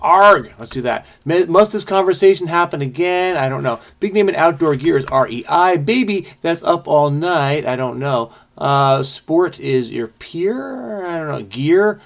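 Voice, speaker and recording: A man's voice: a little high, lively intonation, a little slow, vocal fry, hardly any pauses. Rambling, self-questioning man solving puzzles. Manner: rambling, self-questioning, frequent "I don't know". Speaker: crossword solving video host. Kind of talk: casual think-aloud puzzle solving.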